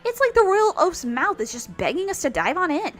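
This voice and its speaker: A woman's voice: extremely high pitch, very animated, fairly quick, fairly bright tone, soft background music, voice pushed up, full character voice. A woman reading game dialogue aloud for a tiny, brash male sidekick who talks in a cocky, teasing way.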